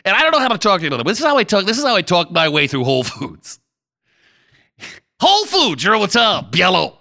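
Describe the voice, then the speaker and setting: Hammy man swinging between growl and shout. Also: high voice, very animated, very fast. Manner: hammy, over-the-top. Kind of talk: comic radio-host parody.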